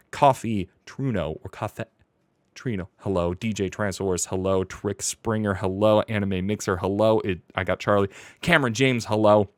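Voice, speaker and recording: Hosting a live reaction stream, this man rambles in a hyper, playful way, laughing a lot and calling out names from chat. His voice is fairly low, and the recording is dry with studio quality.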